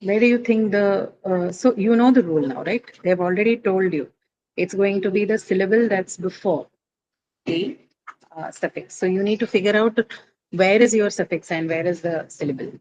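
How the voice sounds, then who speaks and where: A woman's voice: mid-range voice, moderate pace, darkish tone, highs cut off. A woman teacher lecturing a class, explaining step by step with frequent fillers and tag questions. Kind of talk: classroom lecture on word stress.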